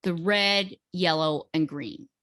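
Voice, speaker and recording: A woman in casual chat, explaining a home recipe step by step in an unhurried, hesitant way with many fillers. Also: on the low side, fairly bright tone, dry recording, studio quality. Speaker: guest cook sharing a recipe.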